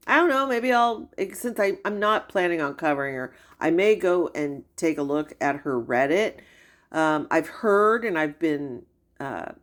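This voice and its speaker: Incredulous middle-aged woman commentating. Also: medium pitch. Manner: incredulous and gossipy, with frequent sighs and laughs. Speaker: commentary streamer. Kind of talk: reaction commentary.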